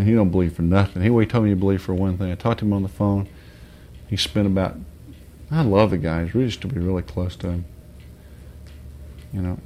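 There's a faint hiss or hum behind this man's informal sermon. He speaks in a blunt, down-home style, swears a little, and moves from low, gentle delivery up to high, booming shouts.

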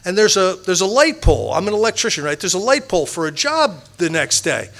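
A man's voice: high-pitched, sing-song, brisk, vocal fry, fairly bright tone. A man sharing his personal recovery story with a meeting group, rambling and self-deprecating, with frequent restarts.

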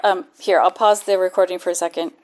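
A woman's voice: on the low side, fairly even intonation, fast, noisy background. A woman co-host chatting casually, teasing and easygoing. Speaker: co-host, listener. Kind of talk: casual chat.

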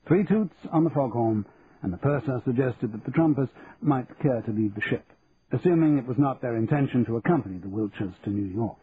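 A man reading an audiobook in an even, measured storytelling manner, over a tinny line with faint hiss. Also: medium pitch. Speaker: audiobook narrator. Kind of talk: scripted audiobook narration.

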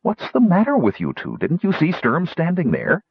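Brief: hard-edged woman warrior, brisk and bossy, lifted pitch, slightly husky, performed by a man. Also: wildly swooping pitch, dry recording, highs cut off, heavily acted. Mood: scolding. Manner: sharp, scolding, raised pitch. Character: tough young woman warrior, blunt and commanding. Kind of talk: audiobook character voice.

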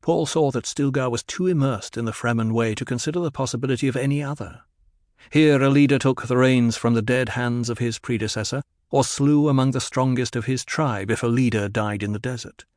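A man narrating a novel in an even, descriptive reading. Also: mid-range voice, fairly quick, no echo, studio quality. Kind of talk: audiobook narration.

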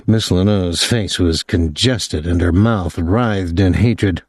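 A man reading an audiobook novel in steady, measured scripted narration. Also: low voice, no room sound, studio quality.

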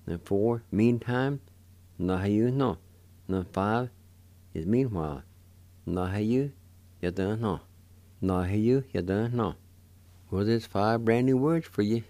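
Older guy, low mellow voice, slow patient lesson, dry close sound. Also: dry recording. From Cherokee Nation, Oklahoma. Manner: slow, patient, repeats each syllable. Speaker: radio host teaching Cherokee words. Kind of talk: slow spelled-out language lesson.

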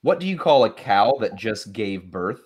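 A man's voice: on the low side, very animated, moderate pace, darkish tone, husky. A young man hosting a casual show, reading listener jokes aloud, laughing often and swearing casually. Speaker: show host.

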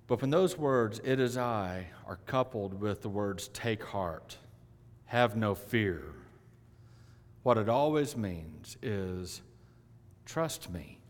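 A male pastor delivering a sermon, swinging between loud emphatic lines and hushed, quiet ones. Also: fairly low pitch, lively intonation, slow pace. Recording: long hall reverb.

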